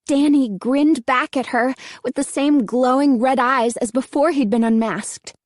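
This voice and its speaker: A woman narrating an audiobook in a slow, measured reading. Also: high voice, no room sound. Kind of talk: scripted narration.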